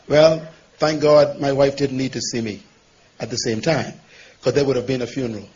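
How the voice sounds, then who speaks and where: A man's voice: mid-range voice, fairly quick, a little mellow. A man preaching a sermon, telling a story to his congregation with emphatic delivery. The recording sounds dull and lo-fi. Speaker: pastor.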